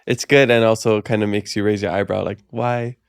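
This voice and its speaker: A man hosting a podcast interview, chatting casually and relaxed, often murmuring agreement. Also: fairly low pitch, fairly quick, vocal fry, clear, resonant tone, no echo, clean studio sound. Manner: relaxed, frequent affirming murmurs, laughs easily. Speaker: podcast host.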